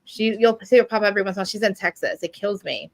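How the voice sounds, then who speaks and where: A woman talks at a fast clip in a relaxed, chatty way, with a gravelly fry in her voice. She rambles through animated stories, piling up fillers as she goes. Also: mid-range voice, low-quality recording. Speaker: podcast co-host. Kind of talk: casual chat.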